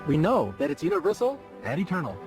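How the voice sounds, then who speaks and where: A man's voice: a little high, wildly swooping pitch, quick pace. An older man presenting a science documentary in a dramatic, emphatic scripted narration. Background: background music.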